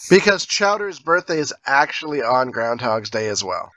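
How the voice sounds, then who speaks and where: A man's voice: medium pitch, very animated, normal speed, pushed and bright, dry recording, poor audio. A man co-hosting a casual movie-review podcast, musing aloud with lots of filler words. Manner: musing, hedging with fillers while laying out a theory. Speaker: podcast co-host.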